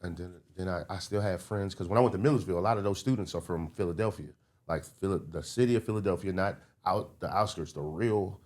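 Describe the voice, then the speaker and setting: A man from the Baltimore and DC area, a comedian guest telling his story in a casual podcast chat, animated and slipping into quick city impressions. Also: sits low.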